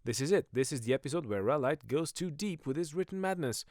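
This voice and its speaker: Rambling, self-mocking man with a lively voice. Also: on the high side, fast talker, few pauses, dry recording, studio quality. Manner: jokey, self-mocking, goes off on tangents. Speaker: podcast host and comedian. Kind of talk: rambling comic monologue.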